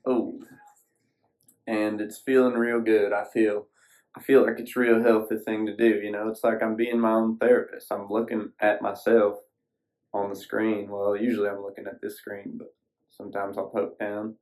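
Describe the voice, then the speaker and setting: A man's voice: lowish voice, flat delivery, normal speed, a little mellow, rough recording. A man hosting a solo podcast, sitting alone at a screen, talking in a folksy, rambling way with casual swearing. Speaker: podcast host.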